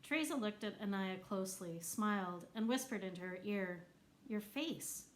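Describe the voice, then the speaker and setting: A woman reading a novel aloud as narrator, lifting her voice for the characters who shout. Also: medium pitch, normal speed, slight background noise, poor audio. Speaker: audiobook narrator. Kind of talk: scripted narration.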